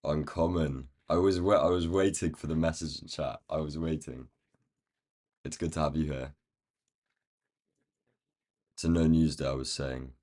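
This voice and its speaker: A man with a croaky, rough-sounding voice, thinking aloud in casual commentary as he marks up trading charts on a live stream. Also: very deep voice, fairly even intonation, moderate pace, pauses often, a little mellow. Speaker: day trading livestream host.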